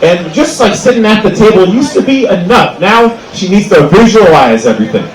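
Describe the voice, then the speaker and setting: A fairly high-voiced young man performs stand-up outdoors, his words ringing out with a lot of echo from the PA. He rambles, restarting sentences and filling them with "like". He speaks into a handheld stage mic. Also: lively intonation, moderate pace. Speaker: stand-up comedian. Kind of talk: stand-up comedy set.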